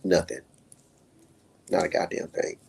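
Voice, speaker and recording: A man hosting a live stream, ranting heatedly with lots of profanity and sudden jumps in pitch. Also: measured pace, a little mellow.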